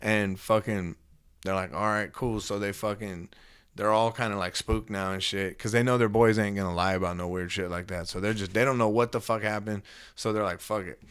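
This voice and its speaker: Young male podcast host, low pitch, dry close mic, profane slangy storyteller. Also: brisk, smooth, no echo. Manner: profane, slangy, animated retelling. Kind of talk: casual storytelling.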